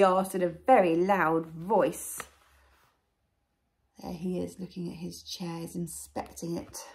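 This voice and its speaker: Expressive nursery teacher reading aloud. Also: female voice, fairly low pitch, takes it slowly, vocal fry. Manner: expressive, gently coaxing, drops to soft asides. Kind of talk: storybook reading to young children.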